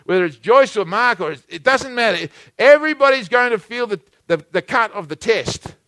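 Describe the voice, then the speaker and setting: A man preaching a sermon, swinging between loud exhortation and hushed, intimate asides. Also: sits high, expressive, moderate pace, no echo.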